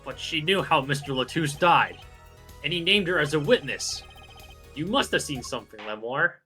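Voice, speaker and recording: An earnest young defense attorney, voiced by a man in a fan game dub, pointed and dramatic as he presses a witness. The voice is bright and tense with lively pitch. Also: normal speed, soft background music. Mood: pressing.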